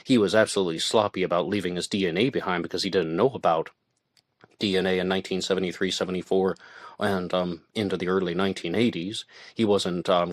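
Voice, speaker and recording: Deep-voiced guy hosting a true crime show, chatty, lots of ums, dry mic. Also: dry recording. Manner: conversational, with fillers and self-corrections. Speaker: host. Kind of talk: casual true-crime commentary.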